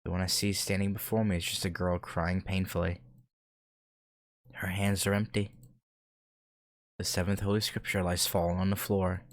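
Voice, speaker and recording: Deep-voiced man reading a visual novel. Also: level tone, dry recording, clean studio sound. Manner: slow, earnest reading with joking asides. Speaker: let's play host. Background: loud piano music.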